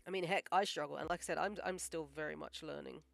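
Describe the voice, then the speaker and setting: Woman animator, casual stream chatter, filler-heavy and humble, low voice. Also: fairly even intonation, quick pace, creaky, soft background music. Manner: rambling, full of "like" and "um"; encouraging and modest. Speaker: animator live-streaming her work. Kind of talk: casual livestream chat while drawing.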